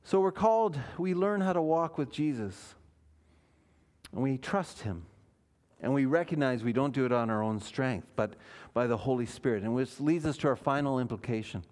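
A man's voice: medium pitch, animated, moderate pace, a little mellow. A man, a pastor, preaching a sermon in church, earnest and emphatic, asking his listeners questions.

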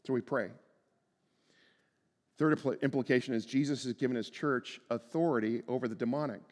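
A male pastor preaching a sermon, earnest, moving between hushed and emphatic delivery and often repeating words as he starts a phrase. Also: mid-range voice, normal speed, long pauses. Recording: long reverb from a large room.

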